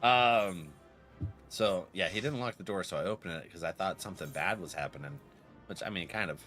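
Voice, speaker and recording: A man's voice: low-pitched, a little fast, bright, forceful tone, faint music behind. A man streaming a game and chatting casually, laughing often and acting out his friends' lines, while getting over a cold. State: has a cold. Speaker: gaming streamer.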